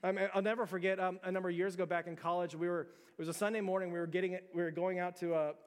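A man in his thirties preaches in a casual, conversational way, restarting phrases and then rising to emphatic peaks. His voice sits fairly high for a man. The sound carries a long reverb from the church sanctuary. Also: flat delivery, very fast, clean tone. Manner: conversational, repeats words, builds to emphatic peaks. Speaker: pastor. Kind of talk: sermon.

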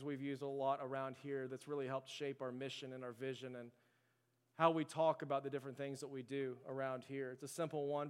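A man's voice: medium pitch, smooth. A man preaching a sermon as pastor, building his points with rhetorical questions. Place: church sanctuary. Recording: long hall reverb.

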